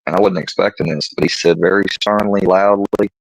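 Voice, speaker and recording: A man's voice: sits low, steady tone, a little fast, creaky, no room sound, poor audio. A man hosting a casual livestream, rambling through personal stories with plenty of profanity. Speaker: livestream host.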